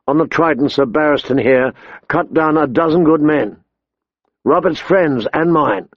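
A man's voice: a little high, a little slow, no echo, voice pushed up. A stern, principled lord speaks firmly and without haste, as a man voices him in an audiobook. The sound is dry and close, slightly dull. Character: stern honorable male lord, blunt and principled. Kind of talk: audiobook character voice.

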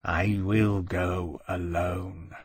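A man reading a large, earnest male dragon in a soft, slow, grave voice for an audiobook. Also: lowish voice, slightly rough, no echo. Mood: wretched. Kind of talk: audiobook character voice.

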